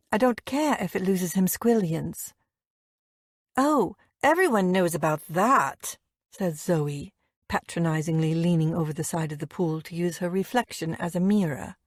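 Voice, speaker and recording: A woman narrating a first-person romance audiobook in an intimate, expressive way, voicing the dialogue as she reads. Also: on the low side, no echo, studio quality.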